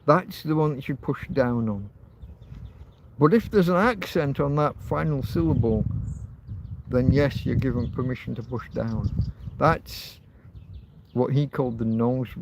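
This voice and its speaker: A livestream host with a mid-range, creaky voice speaks a little slowly, leaving long pauses. He chats in a meandering, casual way, thinking out loud with lots of ums and restarts, over faint background noise.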